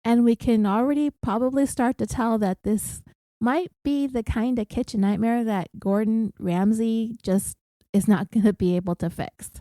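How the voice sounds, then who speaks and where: A woman's voice: on the high side, steady tone, moderate pace, warm tone, no room sound. A woman podcast host recapping a story in a casual, wry, conversational way.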